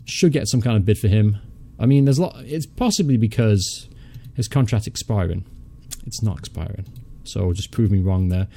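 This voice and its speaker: Young male let's-play host, low-ish mellow tone, chatty, mutters and swears offhand. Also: moderate pace, creaky, hardly any pauses. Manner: chatty, thinks aloud, mutters and swears casually. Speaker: gaming channel host. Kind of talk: casual let's-play commentary.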